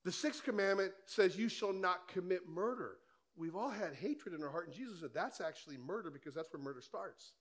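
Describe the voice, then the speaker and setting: A man's voice: high-pitched, animated, a little fast. A male pastor preaching a sermon in a conversational way, firing rhetorical questions at the congregation in church.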